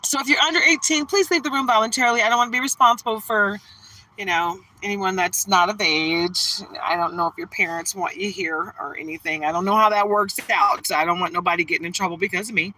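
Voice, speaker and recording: Talking a little fast in a pushed, bright mid-range voice, this livestream tarot reader from Detroit, Michigan, USA chats bubbly with her audience and greets viewers by name. The audio is poor.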